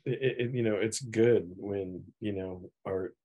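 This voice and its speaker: Deep low guy, middle-aged, chill and thoughtful, lots of you knows. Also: takes it slowly. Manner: relaxed, reflective, many "you know" fillers. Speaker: animation filmmaker, guest of honor. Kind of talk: casual podcast chat.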